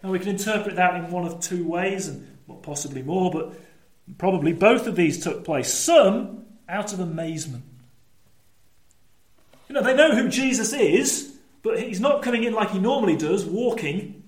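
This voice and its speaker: A male preacher with a fairly high voice delivers a sermon in a church. He moves between lively, rising storytelling and dropped, emphatic asides. The room around him rings with echo. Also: moderate pace.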